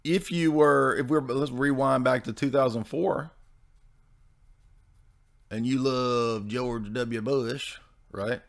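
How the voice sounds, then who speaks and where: A man's voice: mid-range voice, steady tone, takes it slowly, vocal fry, long pauses. Chatty man asking "right?". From American Bible Belt. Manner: rhetorical, keeps asking "right?". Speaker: commentator. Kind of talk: casual podcast commentary.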